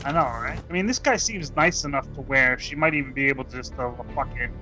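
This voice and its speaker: A man's voice: mid-range voice, fast talker, pushed and bright, soft background music. A man co-hosting a podcast, giving slangy running commentary on a TV episode with heavy swearing. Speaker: podcast co-host reacting to a TV episode. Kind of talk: casual reaction chat.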